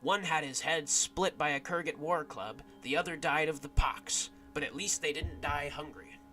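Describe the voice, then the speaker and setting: A man putting on a worn older camp follower woman from a medieval game, shrewd and blunt. She drags out her words slowly, like telling an old story. Her tone is bright and somewhat high, with faint music underneath. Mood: gruff, worldly.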